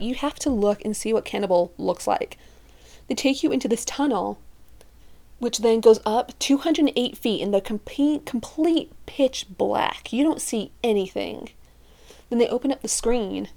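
A young woman telling a personal story in a casual, animated way, acting out what she and her friends said. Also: fairly high pitch. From living in Utah. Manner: animated, acts out her friends and herself in quoted voices.

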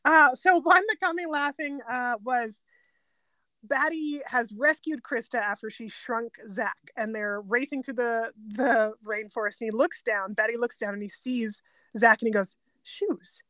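Woman, high pitch, dry recording, casual co-host chat, animated. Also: normal speed, dry recording, poor audio. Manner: animated, quotes movie lines in playful voices. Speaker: podcast co-host.

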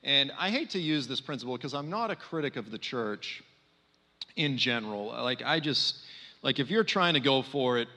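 A man's voice: medium pitch, normal speed. Man preaching in a reverberant hall. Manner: conversational, animated, many fillers. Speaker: speaker at a church. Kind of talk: sermon talk.

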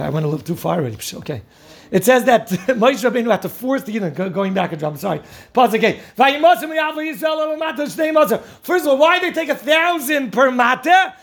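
A man giving a lively Torah talk, telling the stories with animation and frequent laughter. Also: sits high. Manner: animated storytelling, laughing often, mixing Yiddish and Hebrew terms. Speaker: Torah teacher.

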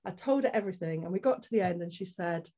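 A woman's voice: fairly low pitch, quick pace. A woman guest on a podcast, telling a personal story candidly and acting out the people in it. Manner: animated, acts out the people in her story.

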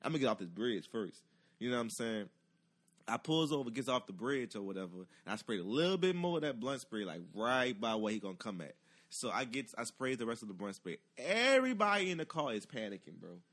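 Man, animated profane storyteller, lively pitch, bright voice. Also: brisk. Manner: profane, excitable, acts out voices with loud outbursts.

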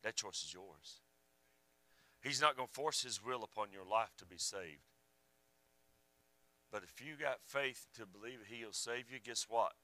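A man preaching a sermon, fervent one moment and hushed the next, with a drawl. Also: lowish voice, measured pace, long pauses, no echo, rough recording. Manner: fervent, rising and falling, drops to a hush.

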